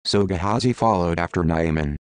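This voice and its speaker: Deep-voiced man reading scripture. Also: smooth, no room sound. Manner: measured, solemn King James reading. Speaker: Bible reader.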